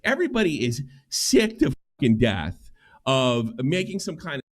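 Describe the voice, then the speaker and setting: A man's voice: huge pitch swings, normal speed. A middle-aged man ranting on a livestream, profane and heated. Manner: ranting, profane, swings pitch widely. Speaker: streamer.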